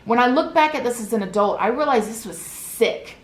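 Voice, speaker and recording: A woman's voice: on the high side, animated, fairly quick. A woman, a vlogger telling an emotional story from her childhood in an earnest, confiding way, often asking the listener "right?". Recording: echoey room.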